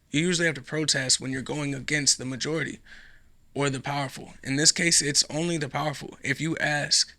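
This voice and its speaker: Gravelly, sarcastic podcast host man. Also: medium pitch, bright, forceful tone, no room sound. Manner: sarcastic, profane, rambling. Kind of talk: casual solo commentary.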